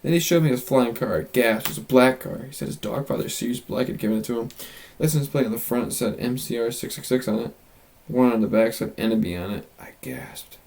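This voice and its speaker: A man's voice: medium pitch, quick pace, a little mellow, rough recording. A man reading a fanfiction aloud for comedy, mocking it with exaggerated line readings and asides, his voice strained. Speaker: fanfiction reader.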